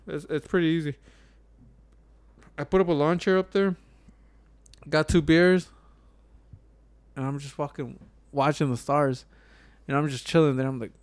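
Young man, from Chicago, casual profane storyteller, somewhat high voice, smooth resonant tone, dry close recording. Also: dry recording. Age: young adult. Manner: rambling, profane storytelling with many restarts. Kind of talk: casual chat.

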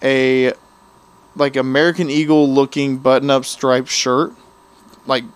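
A male podcast co-host in casual chat. His voice is smooth and clear at an ordinary pitch. He rambles through long anecdotes and acts out the people he quotes. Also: level tone, unhurried.

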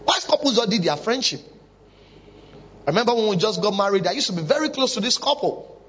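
Man, pastor, sermon, high-pitched, muffled lo-fi sound. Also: very animated, brisk, a bit bright, slight background noise. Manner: emphatic preaching with rhetorical questions. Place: church. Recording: dull lo-fi recording.

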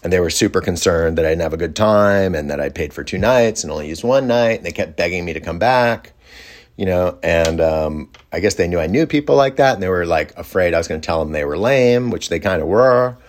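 A man with a deep, low-pitched voice tells a story from his own life in a loose, conversational way. He drifts and restarts his sentences and leans on fillers while he reflects. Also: animated, a little fast. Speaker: storyteller recounting a personal experience. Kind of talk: casual first-person storytelling.

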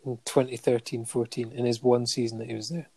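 A man's voice: mid-range voice, flat delivery, fairly quick, creaky, warm tone, breathy edge, no room sound. A man in casual podcast chat, reading out a long list of honours with frequent ums and light chuckles. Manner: listing facts steadily with many ums and chuckles.

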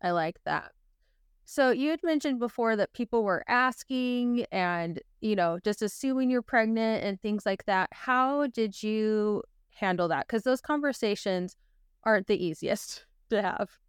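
A woman hosting a podcast, chatting casually, agreeing quickly and laughing along with her guest. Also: medium pitch, lively intonation, clean tone, dry recording, studio quality. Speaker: podcast host. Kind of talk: casual interview chat.

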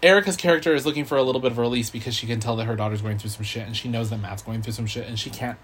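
A man co-hosting a casual podcast, talking in an animated, joking way and swearing freely. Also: mid-range voice, very fast, slightly rough. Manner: animated, profane, jokey. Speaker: podcast co-host. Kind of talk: casual chat.

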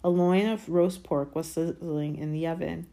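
Woman, low voice, calm steady audiobook reader. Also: moderate pace, vocal fry. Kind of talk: reading a novel chapter aloud.

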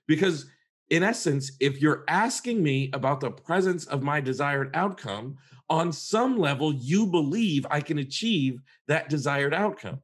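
A man's voice: on the high side, animated, unhurried, husky. A man, a therapist co-hosting a podcast, telling a personal story in an earnest, conversational way and repeating words for emphasis.

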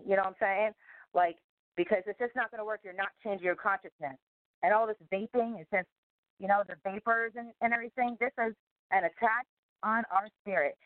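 A woman's voice: mid-range voice, fairly even intonation, a little fast, no echo. A woman guest on a talk show, speaking in a meandering, emphatic way with many fillers. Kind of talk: casual rambling conversation. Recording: tinny phone-line audio, dry.

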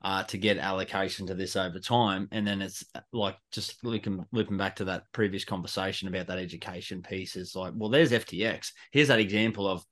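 A man's voice: sits low, steady tone, a little fast, few pauses, a bit bright. An Australian man hosting a casual podcast chat, laid-back and laughing easily. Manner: laid-back, swears freely, laughs often.

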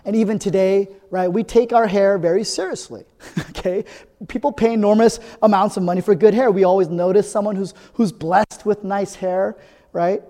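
A man's voice: high-pitched, steady tone, normal speed, dark tone, big-room sound. A male pastor preaching a sermon in a conversational way, often asking "right?", and building to emphatic repeated phrases. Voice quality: earnest, builds to emphatic repetition. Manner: conversational, frequent tag "right?".

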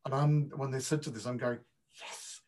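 A man's voice: medium pitch, steady tone, fast talker, a little mellow. A British man, a dialect coach, telling anecdotes in a conversational interview, modest and full of restarts.

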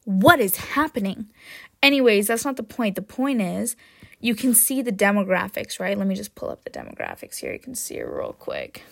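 A woman hosting her own podcast in a casual, jokey chat, often tagging "right?" and "um", with sudden excited jumps in pitch and loudness. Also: moderate pace, creaky, no echo, studio quality. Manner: chatty and jokey, with frequent "right?" and "um". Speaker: podcast host.

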